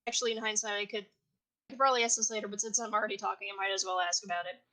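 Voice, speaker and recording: A woman's voice: medium pitch, steady tone, racing, bright, forceful tone. Woman, podcast guest, hesitant, rambling, casual chat. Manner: hesitant, rambling, starts over often.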